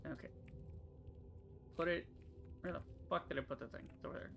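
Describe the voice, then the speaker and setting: Over music, a young man with a slightly high, creaky voice streams a game, giving laid-back let's-play commentary. He mutters to himself, gets frustrated fast, and swears whenever the game irritates him.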